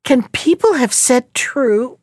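A woman's voice: high-pitched, lively intonation, slow, no room sound, clean studio sound, pitched above the performer's own voice, full character voice. A woman voicing a crafty old peasant man who feigns wonder to fool his wife. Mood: sly. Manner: sly, coaxing, feigns wonder.

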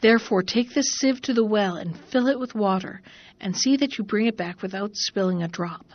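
A woman's voice: medium pitch, normal speed, muffled recording, natural voice. A woman voicing a stern old farm mistress in a storybook reading, with a grim, reproachful manner. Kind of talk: storybook narration.

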